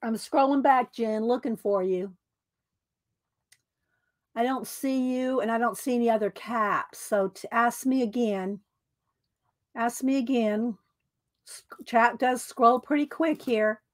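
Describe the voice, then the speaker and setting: A woman hosting a casual craft livestream, chatting to viewers by name with frequent ums and throat clearing. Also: on the high side, slow, pauses often.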